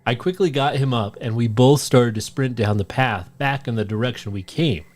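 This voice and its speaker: A man's voice: mid-range voice, normal speed. Man reading a scary story aloud. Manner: steady storytelling read, shouts out the quoted lines. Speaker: podcast co-host.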